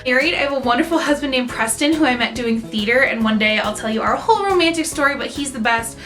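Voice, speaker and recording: Bubbly high-voiced woman vlogger. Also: expressive, quick pace, a bit bright, soft background music. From central Pennsylvania. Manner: bubbly, self-mocking, chatty. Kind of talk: casual chat to camera.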